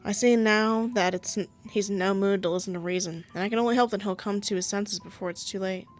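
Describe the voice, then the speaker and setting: A woman voicing a gentle, guilt-ridden young male crewmate in a visual novel, speaking quietly and earnestly. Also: mid-range voice, steady tone, fast, faint music behind, lightly acted. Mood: resigned.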